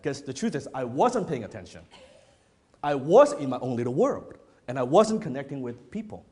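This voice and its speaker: A man's voice: mid-range voice, big pitch swings, moderate pace, a little mellow, slightly rough. A man giving a motivational business talk to a live audience, telling stories in a blunt, profane style and often repeating phrases. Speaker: business speaker. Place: event hall before an audience.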